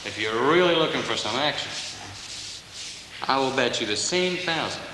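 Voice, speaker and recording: An actor playing a cool, sly male high-stakes gambler, smooth and teasing, in a stage musical. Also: expressive, normal speed, pushed and bright, a little hiss or hum. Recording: echoey theatre hall.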